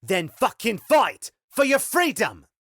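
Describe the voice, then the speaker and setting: A man voicing a fierce, foul-mouthed young woman fighter who shouts roughly and scornfully. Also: very high-pitched, sing-song, takes it slowly, no echo, clean studio sound, pitched above the performer's own voice, exaggerated voice. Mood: scornful shouting.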